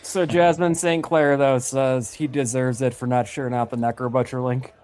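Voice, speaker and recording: A man's voice: mid-range voice, level tone, normal speed, a little mellow. A man co-hosting a podcast, dropping dry wisecracks in casual chat. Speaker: podcast co-host.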